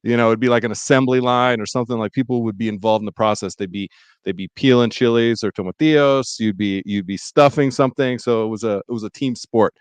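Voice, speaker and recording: Man, podcast host, smooth resonant voice, reflective storyteller, dry close sound. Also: medium pitch, quick pace, no echo. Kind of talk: casual chat.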